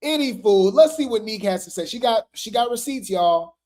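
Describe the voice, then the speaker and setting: A woman's voice: fairly high pitch, lively intonation, normal speed, a little mellow. A woman hosting a casual gossip commentary show, chatty and slangy, laughing often as she talks.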